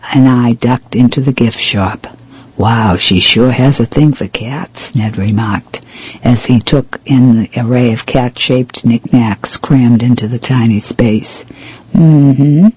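A man reading a mystery novel aloud in steady, even first-person narration. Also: mid-range voice, husky, dry recording, rough recording. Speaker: audiobook reader.

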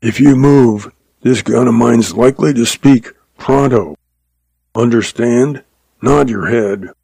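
A man doing a hoarse gravelly cowboy outlaw. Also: medium pitch, takes it slowly, darkish tone, dry recording, full character voice. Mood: threatening. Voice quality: hoarse, croaking. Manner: threatening, clipped commands.

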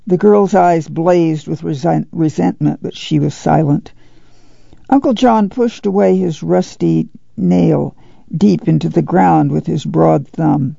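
A man narrating a novel aloud in a measured, steady reading for radio. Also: on the high side, vocal fry, breathy edge, no room sound. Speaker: audiobook reader. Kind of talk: literary audiobook narration on radio. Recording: dull dry lo-fi studio read.

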